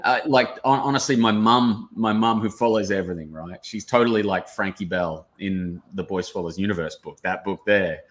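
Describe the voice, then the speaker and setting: Gushing Australian male author beaming in by video call, lowish voice, wears his heart on his sleeve. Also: a bit bright. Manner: effusive, emotional, gushing. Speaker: author guest.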